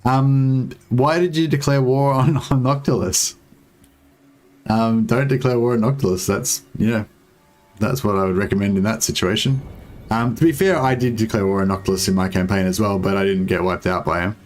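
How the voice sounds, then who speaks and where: Young aussie streamer guy, low voice, rambly and hesitant commentary. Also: normal speed, a little mellow. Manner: rambling, hesitant, many fillers, chuckles. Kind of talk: casual gameplay commentary.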